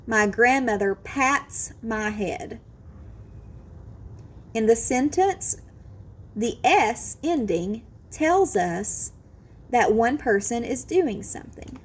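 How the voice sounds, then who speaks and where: A woman teaching a phonics lesson to children, slowly modelling each word sound and encouraging the listener. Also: fairly high pitch, sing-song, husky.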